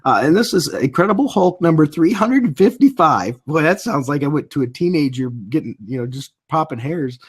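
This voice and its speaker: A man's voice: on the high side, expressive, fairly quick, few pauses. A man with a cold hosting a casual comic book chat, reading out live comments and laughing often. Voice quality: husky. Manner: laughs often while talking. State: has a cold. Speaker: podcast host.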